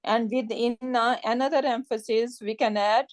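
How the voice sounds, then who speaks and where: A woman teaching a live grammar class, explaining step by step and often checking with "right?", in a warm, encouraging tone. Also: fairly high pitch, fairly even intonation, normal speed, no room sound. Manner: warm encouraging tone with religious phrases.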